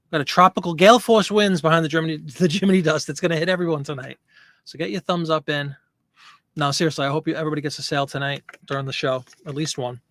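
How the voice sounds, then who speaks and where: A man's voice: on the high side, steady tone, fast talker, fairly bright tone, no echo. A man hosting a live stream, chatting casually and answering viewer comments.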